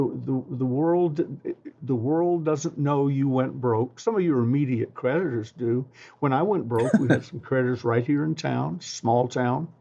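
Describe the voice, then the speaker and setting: Older male guest, folksy anecdotal storyteller, mellow tone, dull muffled audio. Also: medium pitch, creaky. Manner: folksy, anecdotal, frequent ums and restarts. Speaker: interview guest, sales trainer. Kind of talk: storytelling advice.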